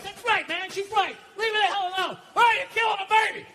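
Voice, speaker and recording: Loud, ranting American comedian. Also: male voice, very high voice, steady tone, fast, hardly any pauses. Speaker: stand-up comedian. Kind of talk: stand-up comedy.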